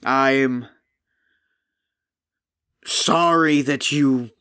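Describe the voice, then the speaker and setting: A man's voice: medium pitch, steady tone, sharp tone, clear, resonant tone, dry recording, studio quality. A man playing a weary, sighing flesh golem. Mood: weary, polite. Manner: slow, sighing, formal and apologetic. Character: huge weary flesh golem scientist, male, polite.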